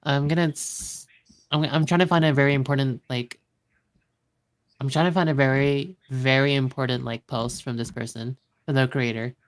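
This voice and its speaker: Distracted, halting podcast co-host. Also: medium pitch, fairly even intonation. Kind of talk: casual chat.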